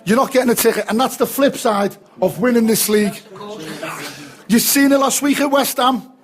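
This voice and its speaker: A man's voice: extremely high pitch, moderate pace. A man with a Liverpool accent ranting passionately about football in a heated fan chat.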